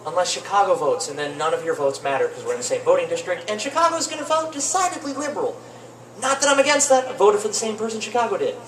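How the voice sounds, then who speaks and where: Lively young man doing open-mic stand-up. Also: high voice, fast talker. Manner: rambling, deadpan asides, lively swings into mock voices. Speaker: stand-up comedian. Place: cafe open-mic stage. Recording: roomy cafe with faint noise, distant mic.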